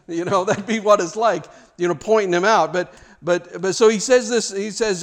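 A man preaching a sermon; he is animated, often stammers and restarts, and acts out the scenes he tells. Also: high voice, moderate pace, few pauses. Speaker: pastor.

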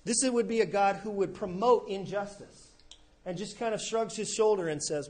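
Male pastor with a higher-pitched voice, delivering a casual, story-driven sermon. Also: moderate pace, darkish tone. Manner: conversational storytelling, acts out quoted characters casually.

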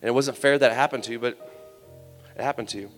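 A man with a medium-pitched, fairly bright voice talks fast, giving a personal testimony sermon at a youth camp. He tells his story candidly and conversationally, with humor, in a hall with long reverb and faint music.

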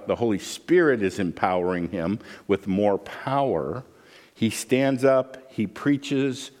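Animated male pastor in a reverberant hall. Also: medium pitch. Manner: animated, acts out quoted voices with humor. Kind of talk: sermon.

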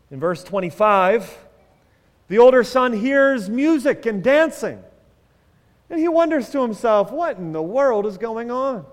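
Male pastor with a high voice, preaching to his congregation with questions and dry jokes; long echo of a big church hall. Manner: conversational preaching, asks the congregation questions, wry humor. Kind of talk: sermon. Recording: long reverb of a large hall.

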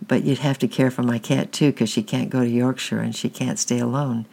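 A man's voice: medium pitch, steady tone, a little fast, creaky, darkish tone. A man voicing an anxious young boy who pleads to keep his things.

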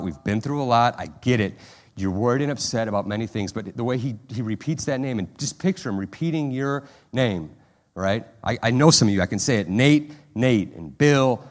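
A man preaching a sermon in a loose, conversational way, sprinkling in asides and restarting his sentences. He acts out quotes with animated emphasis. His voice sits in a middle pitch. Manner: animated, acts out prayers and quotes in a higher, louder voice. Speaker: pastor.

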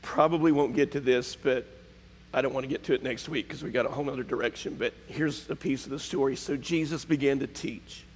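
A man's voice: mid-range voice, a little fast, breathy edge. A man preaching a sermon, emphatic and conversational, often questioning his congregation. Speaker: pastor. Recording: long hall reverb.

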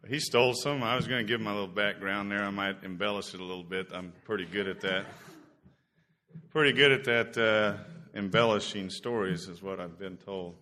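Guest preacher, 60s, from Indiana; lowish, bright voice; folksy, rambling church talk. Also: male voice, fairly even intonation, brisk, few pauses. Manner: self-deprecating storyteller, many "uh" fillers. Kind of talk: folksy sermon opening. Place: church sanctuary.

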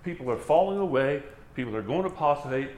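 A man's voice: medium pitch, animated, fast, darkish tone, echoey room. A man preaching a sermon as a pastor, driving each point home with emphatic repetition.

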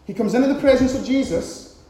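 A man preaching a sermon, retelling a scripture story with animated, repetitive emphasis, recorded in a very echoey hall. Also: very high-pitched, fairly quick.

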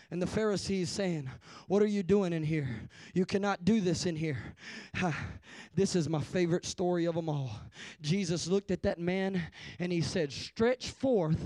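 A young adult man preaching a sermon, shouting in rhythmic bursts and dropping to hushed near-whispers. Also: sits high, no echo. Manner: drops to a hushed near-whisper in slow passages.

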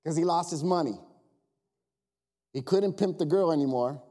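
A male pastor giving a lively, animated sermon, speaking directly to his congregation with jokes and quiet asides. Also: on the high side, normal speed.

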